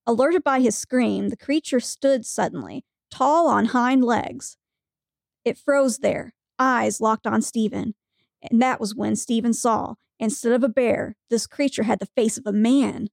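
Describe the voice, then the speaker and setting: Woman, podcast co-host, story reading, giggly, gravelly, slightly high voice. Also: a little slow, no room sound, clean studio sound. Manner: giggly storytelling, breaking into laughter.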